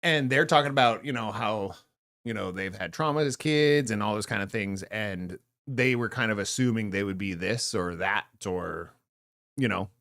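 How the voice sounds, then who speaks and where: A man's voice: on the low side, normal speed, a bit bright, no room sound, clean studio sound. A middle-aged man co-hosting a casual podcast, chatting in a rambling, joking way and often trailing off mid-thought. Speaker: podcast co-host. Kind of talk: casual chat.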